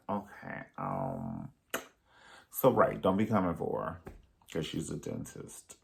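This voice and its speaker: Campy sassy guy dishing about a tv show, low voice that swoops all over. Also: vocal fry. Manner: sassy, campy, dramatic swings in tone. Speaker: TV show reviewer. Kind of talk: casual chat.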